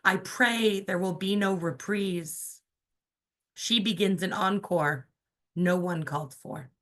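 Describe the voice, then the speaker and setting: A woman's voice: mid-range voice, a bit bright. Canadian woman reading her poetry aloud. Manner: slow, measured poetic delivery with casual asides. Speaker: poet. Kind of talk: spoken word poetry reading.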